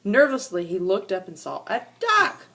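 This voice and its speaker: An older woman, a grandmother, reading a children's animal storybook aloud to her grandchildren with an animated, sing-song manner. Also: mid-range voice, moderate pace, very noisy.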